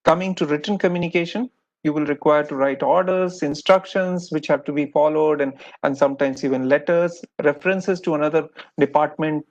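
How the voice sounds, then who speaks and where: Indian doctor lecturing, slightly high voice. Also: male voice, brisk. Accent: Indian English. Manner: patient, explanatory, repeats "many a times". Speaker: ENT doctor lecturing postgraduates. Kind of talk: recorded lecture. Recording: dull lo-fi audio.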